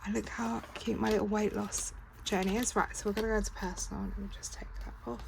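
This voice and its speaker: A British woman chats her way through a casual home vlog, counting notes aloud and cheerfully correcting her sums. Her voice sits in a middle pitch. Clicks and background noise are clearly heard under the recording. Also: little pitch movement, fast talker, poor audio. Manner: chatty, counts money aloud, corrects herself. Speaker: budgeting vlogger. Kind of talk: casual chatty vlog narration.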